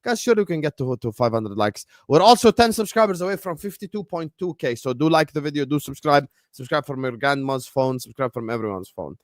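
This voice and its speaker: A man hosting a casual football chat stream, shouting out viewers and hyping up the chat. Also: medium pitch, expressive, brisk, few pauses, no room sound, studio quality. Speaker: stream host.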